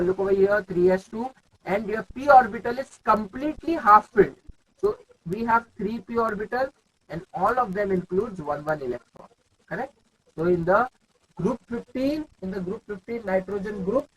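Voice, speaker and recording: A man's voice: high-pitched, a bit bright, husky, low-quality recording. A young man with an Indian English accent teaching chemistry in a live online class, calling on students by name and repeating his questions.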